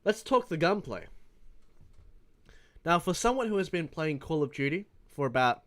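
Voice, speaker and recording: A gaming YouTuber of about twenty with an Australian accent tells a rambling, profane gaming story in a casual vlog, his voice a little high, sing-song and moderately paced.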